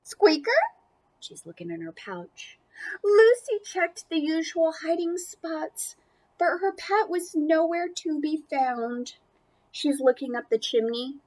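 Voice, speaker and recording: Animated woman reading a picture book aloud. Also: high-pitched. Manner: animated, playful, talks to children. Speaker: storybook reader. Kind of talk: picture-book read-aloud with chatty asides.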